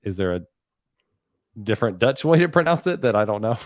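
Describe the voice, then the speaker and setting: A man's voice: fairly low pitch, very animated, moderate pace, darkish tone, dry recording, studio quality. A man hosting a live stream, chatting casually and rambling with frequent "um"s and "like"s. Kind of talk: casual chat.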